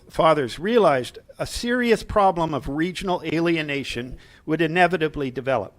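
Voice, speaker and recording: A middle-aged man reads a prepared speech to a live audience in an earnest tone. He slips in quick asides and light humor for the room. His voice sits a little higher than most men's. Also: a bit bright. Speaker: speaker at a political gathering.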